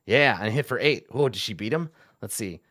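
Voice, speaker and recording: A man narrating a tabletop game as game master, relaxed and chatty, with many fillers. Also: fairly low pitch, a little fast, no room sound, clean studio sound.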